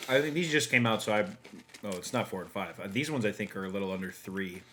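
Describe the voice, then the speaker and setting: A young man co-hosting a snack-tasting podcast, talking in an animated, playful way and quick to joke. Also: on the low side, a little hiss or hum. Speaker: podcast co-host. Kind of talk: casual snack-tasting chat.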